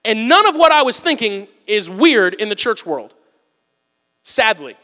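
A high, bright-voiced man preaches from the front of a church, his delivery animated and full of loud bursts that drop to near-whispers. The sound carries a long, hall-like reverb. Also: measured pace. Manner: animated storytelling, swings from loud and excited to hushed. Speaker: pastor. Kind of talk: sermon.

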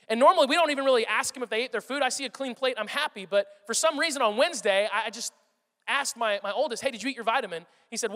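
High-voiced pastor in a reverberant hall. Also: male voice. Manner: animated storytelling, acts out his kids' voices. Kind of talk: sermon with personal stories.

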